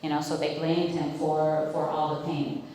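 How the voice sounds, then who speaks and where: A woman's voice: sits low, little pitch movement, moderate pace, dark tone. A woman leading a Bible study, talking casually and asking the group questions, with lots of fillers. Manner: conversational, asks the group questions, many fillers. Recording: very echoey room, mic at a distance.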